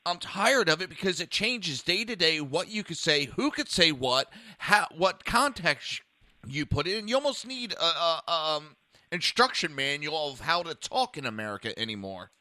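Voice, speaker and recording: A man's voice: a little high, lively intonation, normal speed, bright, forceful tone, no room sound. A man hosting a political talk podcast, heated and ranting, often stammering as he restarts. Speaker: podcast host.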